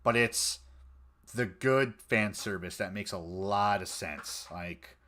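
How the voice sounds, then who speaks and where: A man co-hosting a casual fan podcast, talking in an animated way with lots of restarts. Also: on the low side, takes it slowly, slight background noise. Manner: animated, stumbling restarts, quotes scenes in voices. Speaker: podcast co-host.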